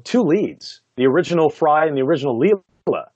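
A man, a voice actor, telling stories from his career in a casual interview, animated and laughing often, with many "you know" fillers. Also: a little high, fairly quick, slightly rough, no room sound, muffled recording. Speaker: voice actor guest.

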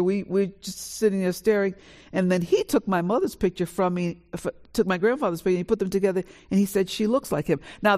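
A woman spins an anecdote on a stage in front of a live audience, her voice leaping up and down as she acts out each exchange. She talks like a natural storyteller, forceful and animated, always in charge of the tale. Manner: lively, acts out dialogue with big pitch swings. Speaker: author and panel guest.

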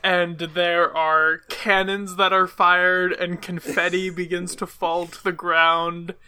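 A man running a tabletop game, describing the scene in a measured way. His voice is bright and somewhat high. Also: level tone, clear, resonant tone. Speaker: game master.

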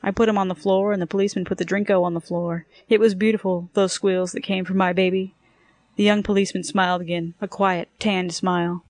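A woman's voice: medium pitch, level tone, brisk, vocal fry, a little mellow, no room sound. Woman narrator, first-person story, wry, dry close recording. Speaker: audiobook narrator.

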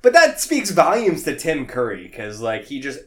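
Animated, giggly man rambling about movies. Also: mid-range voice, normal speed. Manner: rambling and giggly, lots of fillers and tangents. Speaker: podcast co-host. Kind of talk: casual movie-review chat.

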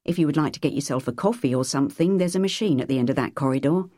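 A man's voice: a little high, racing, warm tone, no room sound, studio quality, close to an everyday voice. A woman reading an audiobook, voicing a young male charge nurse with a light, falsely jocular manner. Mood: breezy. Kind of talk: audiobook character voice.

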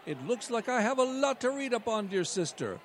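A man's voice: extremely high pitch, very animated, a little fast, slight background noise. A man doing a pompous cat news anchor. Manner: mock-formal news delivery.

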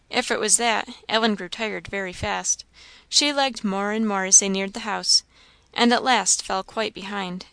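A woman reading a novel aloud in a steady, measured narration. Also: mid-range voice, vocal fry, no echo. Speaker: audiobook reader.

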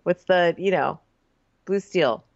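A woman's voice: on the low side, slow, gravelly, darkish tone. A woman co-hosting a casual chat, wry and teasing, quoting people in mock voices. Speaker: podcast co-host. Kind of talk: casual chat recapping a reality show. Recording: dull lo-fi sound.

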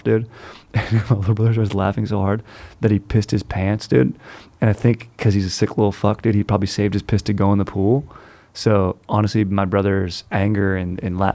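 A man's voice: lowish voice, warm tone, no room sound. A young man chatting casually and profanely, calling everyone "dude" as he rambles through stories. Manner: laid-back, profane, says "dude" constantly. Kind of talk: casual chat.

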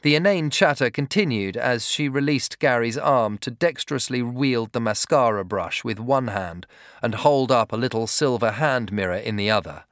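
A man's voice: medium pitch, fairly bright tone, no room sound. Man narrating a story, dry sound. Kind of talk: scripted narration.

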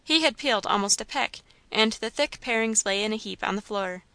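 A woman's voice: on the high side, brisk, pushed and bright, no echo. A woman reading a novel aloud as scripted narration, lightly shading the characters' dialogue. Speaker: audiobook reader.

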